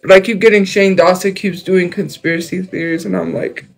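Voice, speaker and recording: A man's voice: sits high, fairly even intonation, a little fast, gravelly, low-quality recording. A young man chatting casually on a livestream. He rambles, jumps between topics and fills his talk with fillers.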